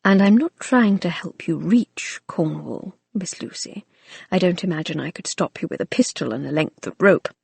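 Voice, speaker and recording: A woman voicing a gruff older male family servant who is stern but fond, speaking in a clipped, dry way. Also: on the low side, normal speed, darkish tone, dry recording, heavily acted.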